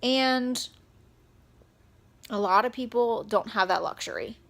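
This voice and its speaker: A young woman talking straight to camera in a personal vlog, upset and close to tears, speaking haltingly with many pauses and fillers. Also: fairly high pitch, gravelly, a bit bright. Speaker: vlogger.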